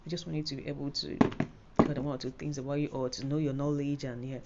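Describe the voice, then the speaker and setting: A woman's voice: rumbling low, flat delivery, fast, muffled recording, heavy background noise. A Nigerian woman giving a casual, rambling spoken tutorial on an exam, full of fillers and restarts. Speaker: IELTS tutor.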